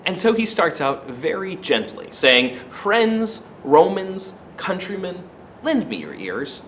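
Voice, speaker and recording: A man teaching a literature lesson. His voice sits fairly high and swoops lively up and down, and he keeps his explanations animated, with wry asides. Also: slight background noise.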